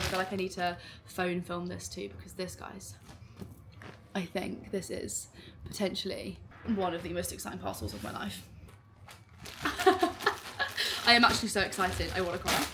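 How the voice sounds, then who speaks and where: A young woman, chatting casually at home while unboxing a clothing haul in an excitable, gushing way. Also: medium pitch, noisy background. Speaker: vlogger.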